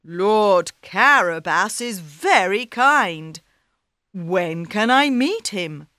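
A woman's voice: mid-range voice, lively intonation, extremely slow, sharp tone, dry recording, clean studio sound, full character voice. A woman voicing a gracious storybook king. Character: kind, polite old-fashioned king. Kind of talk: storybook reading.

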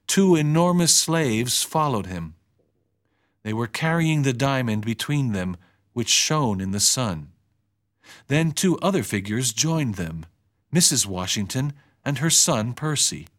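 An audiobook narrator with a medium-pitched male voice reads a story chapter in scripted narration. His storytelling is even and measured.

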